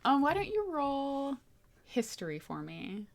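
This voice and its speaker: A woman's voice: high voice, huge pitch swings, a little slow, vocal fry. Easygoing woman running a tabletop game. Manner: easygoing, laughs often, many fillers. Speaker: game master.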